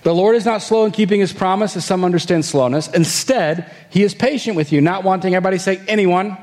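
Male pastor, slightly high voice, conversational sermon delivery with rhetorical questions to the congregation. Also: quick pace, a little mellow. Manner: reads scripture aloud, then explains it.

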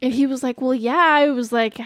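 A young woman co-hosting a podcast, telling a story in casual chat with a lively, filler-heavy manner. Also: high voice, fairly quick, no room sound, studio quality. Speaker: podcast co-host.

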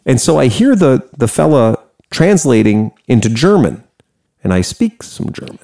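An American man casually telling a story, animated and profane, laughing often. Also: mid-range voice, moderate pace, vocal fry. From United States.

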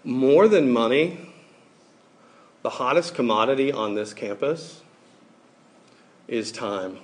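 A man's voice: mid-range voice, slow pace. A young adult man giving a casual, conversational sermon to students, with many fillers.

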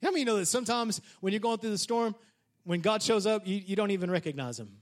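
A male pastor preaching a sermon in an animated, conversational way, often turning to the congregation with questions. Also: high voice, fast.

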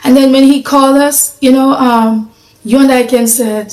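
A woman's voice: sits high, steady tone, a little slow, a little mellow, roomy sound, faint music behind, poor audio. A woman preaching a sermon in an earnest, conversational way, asking her listeners questions.

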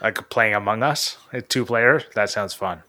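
Podcast guy chatting loosely, lots of uh and like, bright dry voice. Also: lowish voice, normal speed, no room sound. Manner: relaxed, filler-heavy, rambling. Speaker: podcast co-host. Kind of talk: casual chat.

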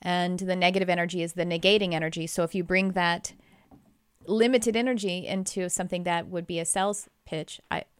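A woman hosting a podcast conversation, animated and quick to laugh. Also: on the low side, clear, resonant tone, no room sound. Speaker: podcast host. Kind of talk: casual conversation.

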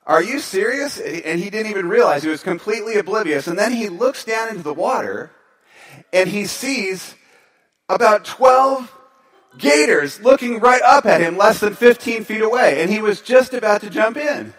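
A male pastor preaching a sermon, telling a story with lively energy and leading a quiet prayer. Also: high-pitched, moderate pace. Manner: storytelling, animated, then softer in prayer.

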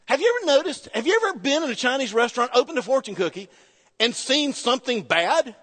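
A man preaching in a lively sermon, his fairly high voice leaping up and down with great variety. He moves from loud, pressing points to hushed, low phrases. The sound rings with a long hall reverb. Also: fast talker. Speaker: pastor.

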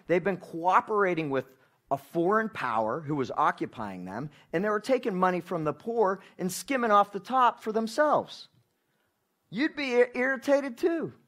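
A man preaching a sermon as pastor, talking to the congregation in an animated, conversational way, checking in with tag questions and sometimes dropping to a hush for emphasis. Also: on the high side.

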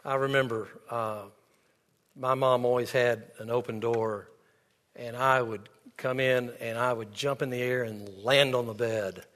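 A man preaches a sermon from the pulpit, earnest as he tells stories. His voice sits at an ordinary middle pitch. It rings out with a long reverb from the church sanctuary. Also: fairly even intonation, measured pace, a bit bright. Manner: earnest, storytelling with quoted dialogue. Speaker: pastor.

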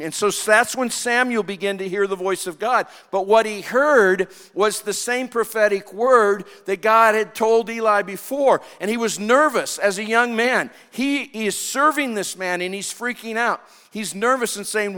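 A man preaching a sermon as a pastor, telling a Bible story with lively acted-out quotes. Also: high-pitched, moderate pace, smooth, long reverb tail. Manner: expressive preaching, acts out quoted lines.

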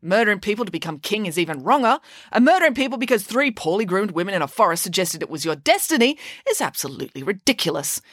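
A woman's voice: medium pitch, big pitch swings, fast, no room sound, clean studio sound. A woman voicing a confident female pig nanny who speaks emphatically. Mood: emphatic. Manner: emphatic and self-assured.

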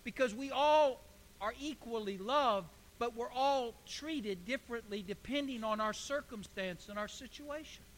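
Preacher in an echoing hall. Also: male voice, very high-pitched, measured pace, a bit bright. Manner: preaching with rising emphatic bursts. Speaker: pastor. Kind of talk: sermon. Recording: echoey hall.

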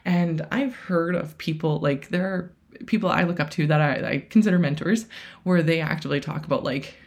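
A woman's voice: deep voice, fairly quick, gravelly. A woman in her thirties hosting a podcast, talking in a casual solo monologue, chatty with lots of fillers and acted-out self-quotes. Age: 30s. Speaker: podcast host.

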